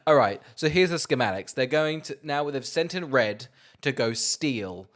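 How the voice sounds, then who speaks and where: A man co-hosting a podcast with a middle-pitched, ordinary voice. He talks casually and sarcastically and swears now and then. He acts out other people's lines as he tells a story. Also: animated, normal speed, fairly bright tone. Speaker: podcast co-host. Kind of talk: casual chat.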